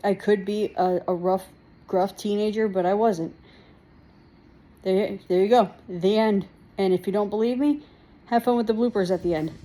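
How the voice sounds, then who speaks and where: A woman's voice: mid-range voice, fairly even intonation, moderate pace, long pauses, mellow. A woman casually telling a comic story, laughing through her words and swearing now and then. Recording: roomy echo with faint music.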